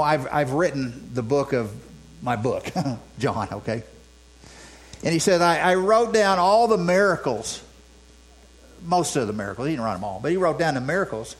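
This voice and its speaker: A man's voice: mid-range voice, low-quality recording. A man preaching a sermon in a conversational way, with many restarts and rhetorical questions. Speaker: pastor. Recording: mains hum.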